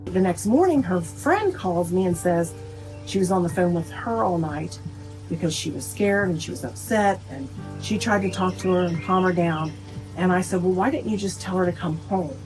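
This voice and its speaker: A woman's voice: fairly low pitch, animated, moderate pace, music in the background, rough recording. A middle-aged woman, the mother of a murder victim, plainspoken as she recounts family conversations in an interview, quoting what each person said. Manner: plainspoken, retells conversations with quoted speech.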